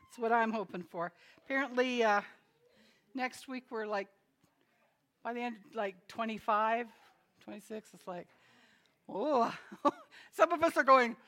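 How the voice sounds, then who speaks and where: A woman's voice: fairly high pitch, unhurried, pauses often, fairly bright tone. A woman preaching a sermon in a chatty manner, laughing between her remarks. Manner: chatty, laughs often, tells jokes. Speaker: pastor.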